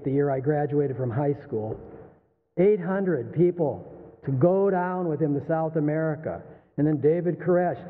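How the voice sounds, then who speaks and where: Older pastor preaching in an echoey hall. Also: male voice, fairly high pitch. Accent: Texan. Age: 60s. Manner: conversational, animated, laughs and asks the room. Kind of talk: sermon. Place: church sanctuary. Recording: phone-like, thin sound with long hall reverb.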